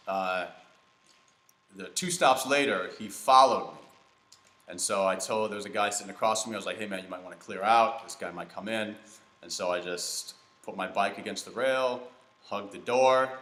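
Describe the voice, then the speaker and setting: A man's voice: on the low side, a bit bright. A man hosting a comedy podcast, chatting casually while playing a video game and telling rambling stories with fillers and restarts. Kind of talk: casual chat while gaming. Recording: echoey room.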